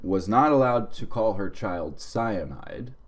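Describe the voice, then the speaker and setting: A man's voice: fairly low pitch, lively intonation, takes it slowly, husky. A man co-hosting a comedy podcast, reading out a list of odd facts in a dry, casual way. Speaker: podcast co-host.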